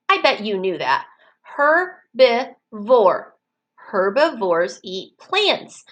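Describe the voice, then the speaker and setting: A woman teaching preschool children in an online circle time, slow and encouraging, stretching words out so the children can clap the syllables. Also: on the high side, fairly bright tone, poor audio.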